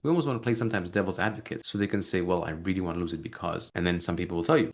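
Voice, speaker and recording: Fast-talking low-voiced male sales coach. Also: lively intonation. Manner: brisk, acts out both sides of sales calls. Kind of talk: live sales training call.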